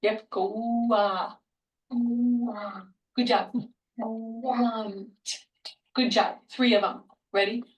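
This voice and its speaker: A woman's voice: fairly high pitch, fairly even intonation, far from the mic, poor audio. Encouraging woman coaching a child's speech. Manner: encouraging, modeling words slowly for a child. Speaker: speech therapist. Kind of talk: speech therapy session with a child.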